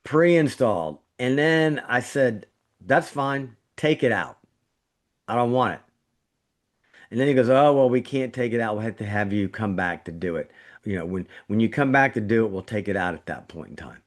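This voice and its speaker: A man's voice: on the low side, lively intonation, moderate pace. A middle-aged man, a surgeon co-hosting a podcast, telling a story in casual chat, his voice jumping up when he gets indignant. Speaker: trauma surgeon, podcast co-host.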